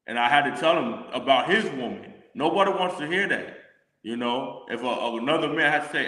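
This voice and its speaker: A man leading a casual religious discussion, reading scripture slowly and deliberately. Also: a little high, fairly bright tone. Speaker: scripture teacher. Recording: echoey room with long reverb.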